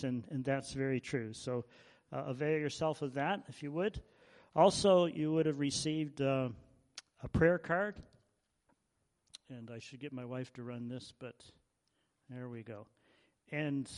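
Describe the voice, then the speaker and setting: A man, a visiting missionary, giving informal announcements to a church congregation, halting and repeating himself as he goes. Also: mid-range voice, darkish tone, long reverb tail.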